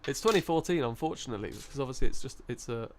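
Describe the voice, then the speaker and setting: A man's voice: mid-range voice, expressive, racing, a little hiss or hum. Chatty man live-streaming. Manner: rambling and chatty, laughing often. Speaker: coin-hunting live streamer. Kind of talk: casual live-stream chat.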